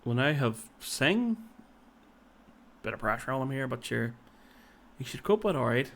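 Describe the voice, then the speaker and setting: A man's voice: mid-range voice, very animated, unhurried, vocal fry, fairly bright tone. Chatty gaming commentator man. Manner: chatty, thinks aloud, tags lines with "so it did" and "like". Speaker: video game player and commentator.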